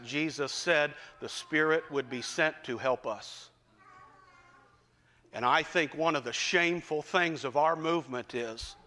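Male preacher, high bright voice, folksy storytelling sermon, long hall reverb. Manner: folksy, conversational, varies pace for emphasis.

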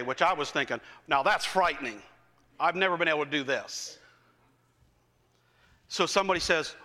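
A man delivers a sermon in a folksy, conversational way, slowing down to stress a point. His voice sits high and sounds bright. Long reverb from the hall trails behind his words. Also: lively intonation. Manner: folksy, conversational, varies pace for emphasis. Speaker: preacher. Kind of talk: sermon with storytelling.

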